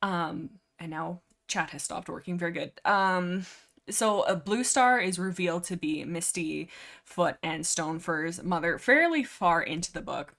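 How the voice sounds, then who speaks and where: A woman's voice: lowish voice, lively intonation, a little slow, a bit bright. A young woman hosting a casual livestream chat, rambling, restarting and apologizing, a little breathless from nerves. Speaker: livestream host.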